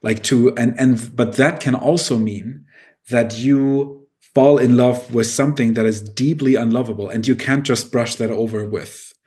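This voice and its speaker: A podcast co-host with a dark, medium-pitched voice speaks at a moderate pace with fairly even intonation. In this casual discussion he is reflective, searching for words with many fillers and restarts.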